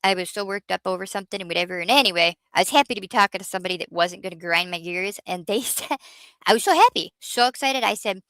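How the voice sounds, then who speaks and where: A woman's voice: lowish voice, very fast, few pauses, pushed and bright, no echo. A woman hosting a casual livestream, chatting with viewers in a rambling, self-mocking way. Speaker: livestream host.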